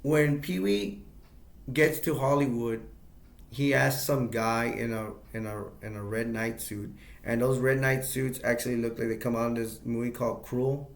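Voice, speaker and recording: A man retells a film's plot in a loose, halting way, stopping often to restart his sentences. His voice is gravelly with a creaky edge, and it rings around an echoey room. He sounds like a home video reviewer. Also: medium pitch, fairly even intonation. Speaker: movie reviewer. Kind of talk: casual movie recap.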